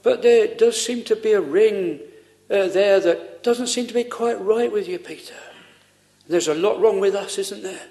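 A man preaching a sermon in an earnest, pleading way, full of pauses and rhetorical questions. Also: sits high, creaky, warm tone.

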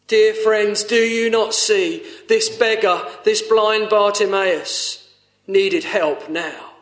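A man's voice: high voice, fairly even intonation, takes it slowly, fairly bright tone, roomy sound. A man preaching a sermon, earnest and pleading, rising to urgent appeals. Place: church.

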